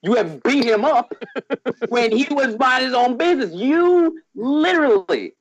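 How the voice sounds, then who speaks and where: A man's voice: extremely high pitch, expressive, measured pace, low-quality recording. A man in casual chat, ranting emphatically with mock seriousness.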